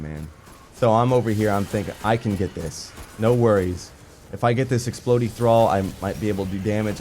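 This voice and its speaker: Young man, lowish voice, casual gameplay commentary, rambling, excitable, lots of fillers. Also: a little hiss or hum. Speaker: gaming video creator.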